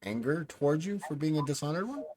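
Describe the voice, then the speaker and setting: A man's voice: a little high, very animated, fast, a little mellow, slight background noise. A man in a tabletop role-playing game, asking questions in a casual way.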